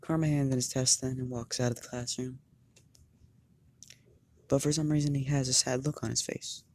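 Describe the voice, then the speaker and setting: A fan storyteller improvising a story narration, halting and often repeating words. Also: mid-range voice, little pitch movement, darkish tone.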